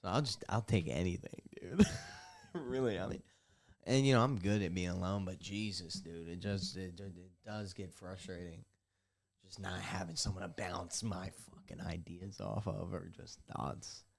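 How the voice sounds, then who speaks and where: A man's voice: low-pitched, fairly even intonation, normal speed, creaky. A young man hosting a casual solo podcast from his bathtub, telling a rambling, profane, self-mocking story. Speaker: podcast host. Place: bathtub at home.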